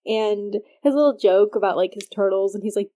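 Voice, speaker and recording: A woman's voice: mid-range voice, brisk, warm tone. A woman co-hosting a fan podcast in casual chat, laughing often and filling her talk with "like". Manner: laughing, lots of fillers. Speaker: podcast co-host.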